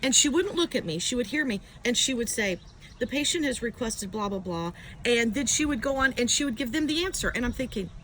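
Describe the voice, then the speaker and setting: A woman's voice: a little high, expressive, fast, few pauses, a bit bright, a little hiss or hum, poor audio. A woman telling a chatty, self-mocking story to camera, filmed outdoors on a handheld phone. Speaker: vlogger. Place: outdoors at home, letting dogs out. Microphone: handheld phone, no tripod.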